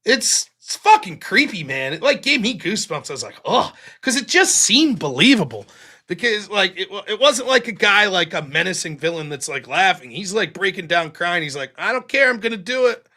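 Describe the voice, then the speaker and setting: A man's voice: high-pitched, big pitch swings, normal speed, pushed and bright. A man hosting a late-night live stream, rambling casually with lots of fillers and swearing. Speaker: live-stream talk show host.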